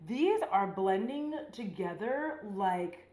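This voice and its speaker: A woman's voice: mid-range voice, expressive, takes it slowly, darkish tone, roomy sound, poor audio. A woman beauty vlogger chatting casually while doing her makeup, rambling in a slangy, profane way with lots of "like.".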